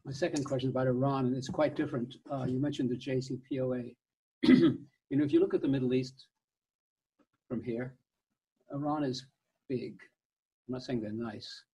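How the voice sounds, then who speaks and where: A man's voice: mid-range voice, steady tone, normal speed, long pauses, mellow, breathy edge. A man asking a question from the audience in a musing, tentative way, heard from a distance. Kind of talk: question from the floor.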